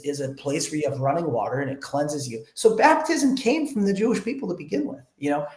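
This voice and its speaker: A man's voice: a little high, darkish tone. A man being interviewed, explaining earnestly in casual conversation and retelling bits of dialogue. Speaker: interview guest. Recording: echoey room.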